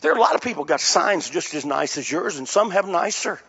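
An older male pastor preaching a sermon with a high, husky voice. He tells stories and rises to shouting peaks. The recording is dull and lo-fi. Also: lively intonation, fairly quick. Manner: storytelling preacher building to shouted climaxes. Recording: dull lo-fi sound.

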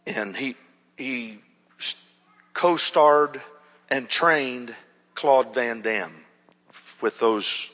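A man preaching a sermon as a pastor, telling a story in an animated way, acting out quotes with shouts and whispers. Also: mid-range voice, husky. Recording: dull recording in a hall with long reverb.

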